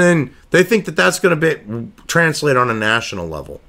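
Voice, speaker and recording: Foul-mouthed sarcastic male commentator, lively pitch. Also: a little fast, few pauses. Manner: sarcastic, crude ranting with scoffing asides; reads news excerpts aloud between rants. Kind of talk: profane political commentary.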